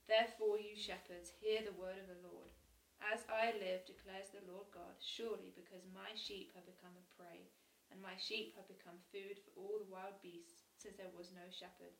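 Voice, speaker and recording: A woman's voice: mid-range voice, flat delivery, normal speed, gravelly, reverberant, far from the mic, poor audio. A woman with an English accent, a guest on a faith podcast, who chats and reads scripture aloud. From England. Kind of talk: casual chat and scripture reading. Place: living room.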